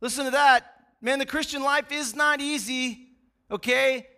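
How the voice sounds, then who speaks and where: A man preaching a casual, animated sermon, talking like a dad chatting with friends, with lots of "man" and "right?". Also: very high-pitched, unhurried, vocal fry. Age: adult father of young boys.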